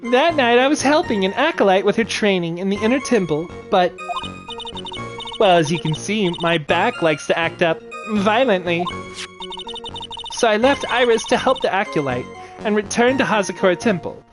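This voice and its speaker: A man's voice: sits high, lively intonation, normal speed, pitched above the performer's own voice. A man voicing a cheerful, chatty old nun in a video game dub, talking folksy and giggly. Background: game music.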